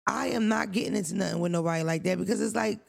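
A man's voice: high-pitched, rapid-fire, gravelly. A man co-hosting a casual podcast chat, telling stories bluntly and profanely with lots of energy. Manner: blunt, profane, animated storytelling. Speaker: podcast co-host.

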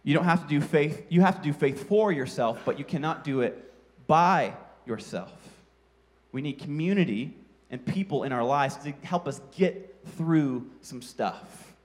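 Pastor, man, high tenor voice, animated self-mocking storyteller preaching a sermon. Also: a little slow.

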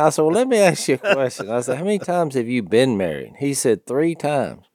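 A man's voice: mid-range voice, moderate pace, no echo, clean studio sound. A man in his fifties with a Southern twang, telling a long story in casual podcast chat and acting out other people's lines in a raised voice. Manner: animated, acts out other people's lines with a raised voice, laughs often. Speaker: podcast co-host.

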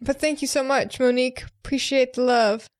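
A woman co-hosting a podcast, reading listener reviews in a lively, laughing, casual way. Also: high voice, a little fast, dry recording, clean studio sound. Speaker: podcast co-host.

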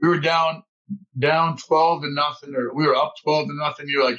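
Playful self-mocking man, slightly high voice. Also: steady tone, normal speed, a bit bright, lo-fi sound. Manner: playful, self-mocking, laughs while telling stories. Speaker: podcast guest, former relief pitcher. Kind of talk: casual storytelling chat.

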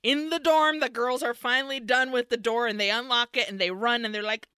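A woman's voice: a little high, a little fast, clean tone, no echo, studio quality. A woman co-hosting a podcast, animatedly retelling a film with free swearing and bits of Spanish. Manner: animated storyteller, swears freely, mixes in Spanish. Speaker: podcast co-host.

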